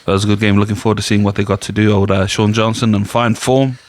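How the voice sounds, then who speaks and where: A man's voice: fairly low pitch, steady tone, fast talker, no room sound. Rambling New man telling stories. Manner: rambling anecdotal storyteller, quotes people in his own voice. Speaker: podcast co-host. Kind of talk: casual chat.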